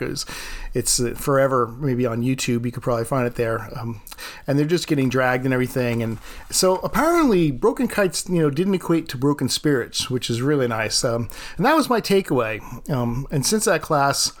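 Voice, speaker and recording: A man who teaches art, hosting his own podcast and telling a classroom story in a casual way, laughing often. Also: on the high side.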